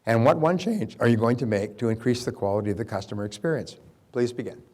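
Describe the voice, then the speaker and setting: A man giving a business seminar talk, telling stories in a lively way with frequent restarts. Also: medium pitch, fast talker, faint music behind. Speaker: business speaker and sales coach.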